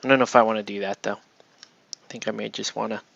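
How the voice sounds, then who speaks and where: A man chatting casually to his viewers as he paints miniatures on a stream, rambling and self-deprecating, quiet and mumbling while he works and louder when he wraps up. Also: lowish voice, steady tone, a little fast, vocal fry, muffled recording.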